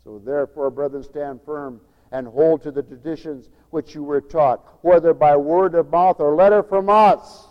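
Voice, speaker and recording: A man preaching a radio sermon, animated, acting out the whining voices of children as he goes. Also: on the high side, moderate pace, few pauses, long reverb tail, muffled recording.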